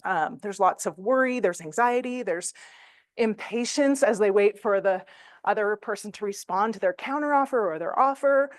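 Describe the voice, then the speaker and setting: A middle-aged woman teaching real estate agents in a training room, chatty and animated, with fillers. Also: mid-range voice, moderate pace, no room sound, studio quality. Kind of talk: classroom training talk.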